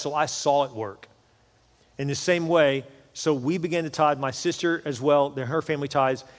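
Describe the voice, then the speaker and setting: A male pastor preaches with fervent conviction and doubles back on words for emphasis. His voice sits a touch high and carries long reverb through a large church auditorium. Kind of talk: sermon.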